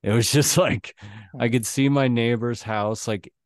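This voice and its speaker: A man's voice: medium pitch, steady tone, unhurried, no echo, clean studio sound. A young man hosting a podcast in casual chat, telling stories loosely with lots of fillers and laughs. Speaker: podcast host.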